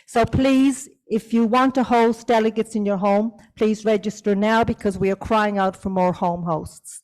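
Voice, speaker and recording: A woman's voice: medium pitch, fairly even intonation, normal speed, a little mellow, rough recording. An Australian woman, a committee chair, addresses a club meeting in a hotel function room, teasing and coaxing the audience. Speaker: convention committee chair giving an update.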